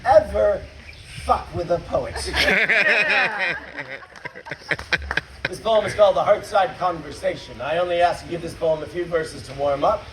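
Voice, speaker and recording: A man's voice: high-pitched, a little slow, long pauses. A man performing a live comic poetry show outdoors, teasing the crowd in a wry, crude way. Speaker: poet performing a stage show. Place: outdoor stage in a meadow with benches. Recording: distant echoing outdoor live recording, noisy.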